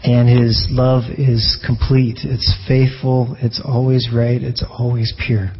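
A man's voice: medium pitch, little pitch movement, slow pace, husky, highs cut off. A man preaching a sermon as a pastor in a conversational way, often restarting phrases and asking rhetorical questions.

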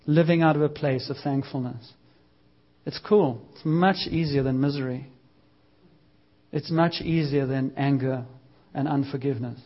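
A man preaching a sermon in a church, lively and using a prop as a visual aid. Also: medium pitch, normal speed, dull audio.

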